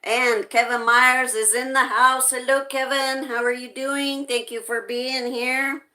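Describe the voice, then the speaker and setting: A woman hosting a live stream, reading viewers' chat messages aloud at an unhurried pace. Her voice is bright and forward, and she greets each newcomer by name. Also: sits high, flat delivery.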